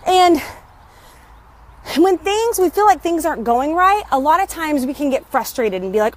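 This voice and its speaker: A woman's voice: sits high, big pitch swings, moderate pace. A middle-aged woman and business coach talking in a chatty, upbeat motivational vlog, filmed on a phone outdoors in her neighborhood. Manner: chatty, upbeat, greets neighbors mid-talk.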